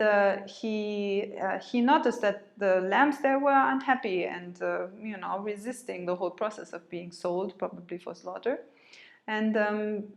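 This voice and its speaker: Woman telling a story in an echoey room. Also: mid-range voice. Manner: conversational, many fillers and restarts. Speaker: yoga teacher. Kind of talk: informal storytelling talk.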